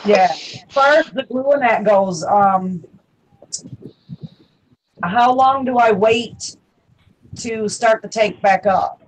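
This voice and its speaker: A woman chats easily, asking questions without hurry in a relaxed tone. Her voice sits at a middle pitch, with a faint hiss behind it. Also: slow, long pauses, poor audio. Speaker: reef hobbyist asking for advice. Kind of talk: casual chat.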